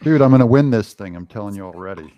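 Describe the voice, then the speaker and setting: A man's voice: on the low side, lively intonation, fast talker, lo-fi sound. Rambling, boastful man on a livestream. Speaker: guest artist. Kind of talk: casual livestream chat.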